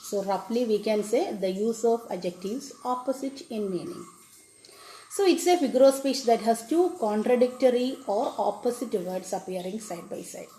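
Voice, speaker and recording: A woman teacher, explaining a poem to children and repeating each definition slowly. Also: a little high, warm tone. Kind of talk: classroom lesson on a poem. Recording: echoey room with faint background noise.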